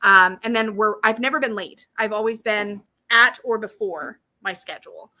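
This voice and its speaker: Bright, bubbly woman chatting on a live stream. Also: mid-range voice, normal speed. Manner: bubbly, chatty, reads viewer comments aloud. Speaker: creator hosting a live launch stream. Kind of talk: casual live-stream chat.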